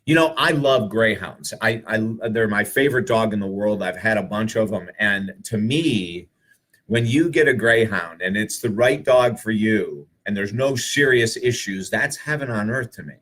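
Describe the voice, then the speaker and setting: A man who is an author and speaker, telling spiritual stories to live viewers in an earnest, animated way, full of rhetorical questions. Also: lowish voice, normal speed.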